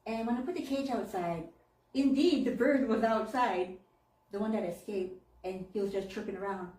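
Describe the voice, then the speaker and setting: A woman minister telling a story in a sermon, animated and often laughing. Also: medium pitch, moderate pace, distant mic. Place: church. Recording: echoey church from off-mic.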